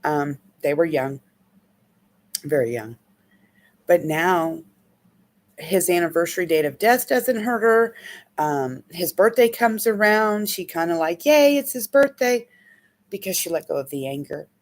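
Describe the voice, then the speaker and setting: A woman's voice: lowish voice, animated, a little slow, pauses often. A middle-aged woman healing coach teaching in a casual, candid way, telling rambling, emotional stories from her own life.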